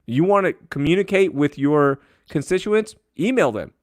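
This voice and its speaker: A man's voice: a little high, normal speed, no room sound. Brief: man, podcast co-host, fired-up mocking rants, bone-dry close sound. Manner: animated, ranting, mocking. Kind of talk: casual chat.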